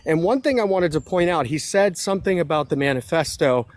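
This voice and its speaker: A man's voice: a little high, animated, brisk, no room sound. A man co-hosting a casual political chat, out of breath while walking outside by a road, joking and sarcastic. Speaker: co-host.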